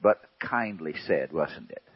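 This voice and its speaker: A man preaches a sermon in a slow, emphatic way and often sinks to a hush. His voice is a little husky and his pitch rises and falls freely. The recording sounds dull and lo-fi. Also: expressive. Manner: slow and emphatic, drops to a hush, asks rhetorical questions.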